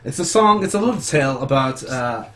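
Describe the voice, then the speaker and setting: A man's voice: medium pitch, expressive, a little fast, fairly bright tone. A man casually playing a tabletop game, reacting to his dice rolls and describing what his character does. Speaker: player.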